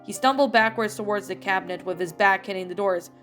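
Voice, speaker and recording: A woman's voice: medium pitch, fast talker, fairly bright tone, soft background music, lightly acted. A woman reading a fan story aloud, voicing a tough young woman survivor who is grieving. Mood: upset.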